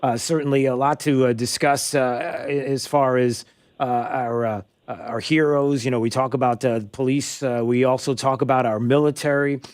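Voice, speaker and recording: A man's voice: medium pitch, steady tone, moderate pace, no echo. A man hosting a political talk radio show, emphatic and full of "uh" fillers and restarts.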